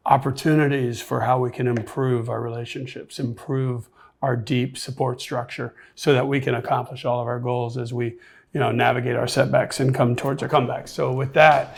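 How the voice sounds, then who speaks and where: Host, male, gravelly tone, earnest, reflective intro. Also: mid-range voice. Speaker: podcast host. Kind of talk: podcast introduction.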